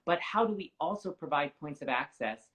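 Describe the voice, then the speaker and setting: A man's voice: on the high side, expressive, moderate pace, fairly bright tone, rough recording. A young man speaking as an opera singer guest in an interview, articulate, earnest and reflective. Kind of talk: conversational interview.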